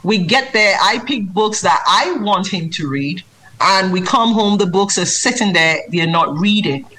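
A woman who writes children's books and tutors maths answers interview questions earnestly and emphatically, becoming lively when she imitates reading aloud. Her voice is mid-range at a measured pace, and the recording is rough.

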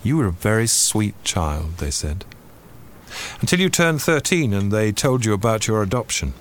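An actor playing a priest who questions a suspect in a measured, probing, sardonic way. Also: male voice, on the low side, big pitch swings, a little hiss or hum. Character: shrewd male priest interrogating a suspect. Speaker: priest investigator.

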